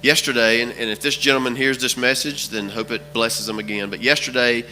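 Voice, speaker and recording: Man, pastor, sermon, bright forceful voice, repeats phrases, long church reverb. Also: medium pitch, steady tone, a little fast, soft background music. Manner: storytelling, repeats phrases for emphasis. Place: church sanctuary.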